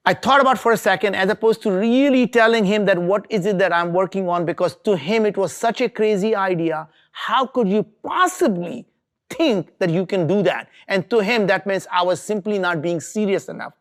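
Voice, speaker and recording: A man's voice: high-pitched, normal speed. Earnest man giving a motivational talk. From India. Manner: earnest, emphatic, repeats for stress. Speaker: entrepreneur speaker.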